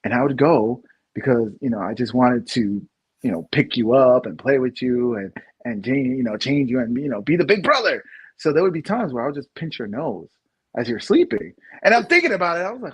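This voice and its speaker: A man's voice: fairly high pitch, brisk, husky. A man in his thirties co-hosting a podcast, chatting casually and telling stories with lots of laughter. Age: 30s. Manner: laughing, animated storytelling. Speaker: podcast co-host. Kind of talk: casual chat.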